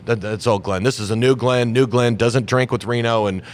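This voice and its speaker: A man's voice: mid-range voice, fairly even intonation, normal speed, a little hiss or hum, natural voice. A man playing a reformed buddy who talks about himself in third person. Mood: insistent. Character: sheepish male road buddy insisting he has reformed.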